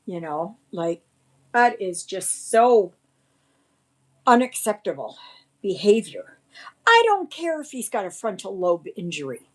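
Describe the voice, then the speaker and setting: A woman chats on her own livestream in a rambling, shaken way. Her pace is slow and drawn out, her pitch sits in the middle, and she sounds indignant. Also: very animated. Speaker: livestream host. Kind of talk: casual livestream chat.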